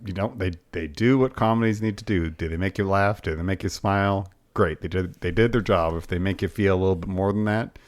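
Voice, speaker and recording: Deep-voiced easygoing podcast host. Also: male voice, brisk, few pauses. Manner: easygoing, agreeable. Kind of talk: casual podcast chat.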